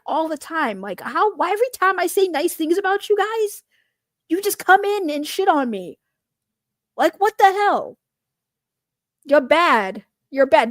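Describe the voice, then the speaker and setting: Woman streamer from outside the us, higher voice, jokey and chatty, drops into quiet mumbly asides. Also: no echo, clean studio sound. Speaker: livestreamer. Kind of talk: casual stream chat.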